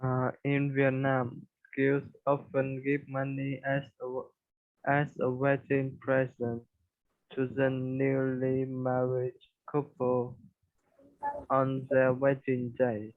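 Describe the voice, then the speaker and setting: Guy student sounding out words slowly, flat voice, phone-like audio. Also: medium pitch. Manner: hesitant, reads word by word with fillers. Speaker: English student. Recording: tinny phone-like call audio.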